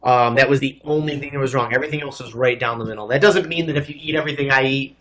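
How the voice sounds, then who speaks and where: A man's voice: medium pitch, racing, a bit bright. A man co-hosting a casual livestream, chatty and joking as he answers viewer comments. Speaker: co-host and culinary school graduate.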